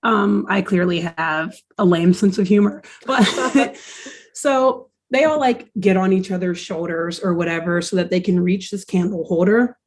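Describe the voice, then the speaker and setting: A woman's voice: mid-range voice, measured pace. Chatty sweary woman podcaster. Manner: chatty and sweary, laughing often. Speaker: podcast co-host recapping a cartoon episode. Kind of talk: casual chat.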